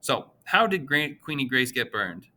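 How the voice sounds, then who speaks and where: A man's voice: medium pitch, big pitch swings, measured pace, pushed and bright, voice pushed up, full character voice. A man voicing a small, chatty older male pharmacist with a nasal voice and a friendly, gossipy way of talking in an audiobook. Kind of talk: audiobook character voice.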